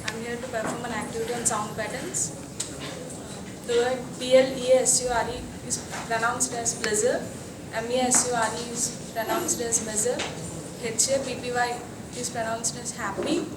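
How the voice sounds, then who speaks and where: A woman's voice: a little high, flat delivery, normal speed. A young woman and college student giving a classroom presentation, reading words and their spellings in a level voice, recorded from a distance in an echoey room. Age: young adult. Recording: echoey room, distant mic, loud noise.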